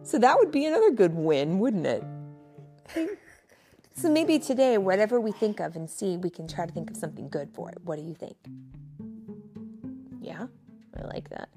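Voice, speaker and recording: A woman reading a bedtime story aloud in an expressive, playful way, then chatting with her child as a parent. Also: medium pitch, moderate pace, long pauses, music in the background.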